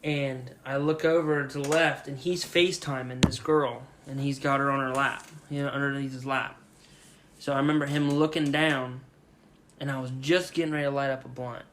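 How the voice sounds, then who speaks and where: A young man co-hosting a podcast, telling a story casually and with lots of swearing, shouting out the lines he quotes. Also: mid-range voice, normal speed, slight background noise. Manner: profane, animated retelling with loud shouted quotes. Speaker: podcast co-host.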